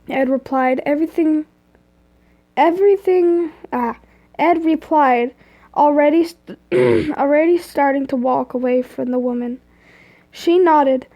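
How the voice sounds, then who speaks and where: A woman's voice: high-pitched, steady tone, unhurried, lo-fi sound. A young woman casually reading fan fiction aloud on a live stream, stumbling over words and breaking off into asides. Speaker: reader. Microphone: phone or computer mic.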